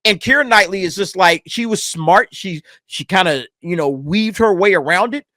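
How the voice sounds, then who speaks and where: A man's voice: sits high, expressive, normal speed, bright, forceful tone, dry recording, studio quality. A man hosting a casual reaction commentary, talking animatedly and profanely back at a clip. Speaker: commentary channel host.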